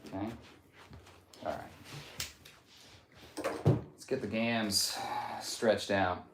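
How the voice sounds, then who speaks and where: A man's voice: on the low side, steady tone, drawn-out words, noisy background. A man live-streaming, reading chat comments aloud in a jokey, casual way and sometimes sliding into a mock Southern drawl.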